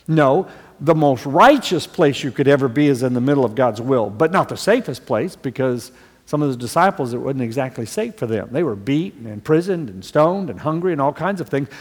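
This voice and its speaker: A man's voice: mid-range voice, lively intonation, fairly quick, long reverb tail. A man preaching a sermon in an earnest voice that rises to emphatic stresses on key points.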